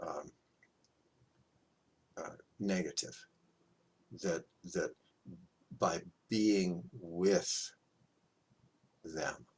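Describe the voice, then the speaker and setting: A man teaching a qigong class, talking in a reflective, halting way with many fillers and restarts. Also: sits low, breathy edge. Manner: gentle, chuckles at his own quotes.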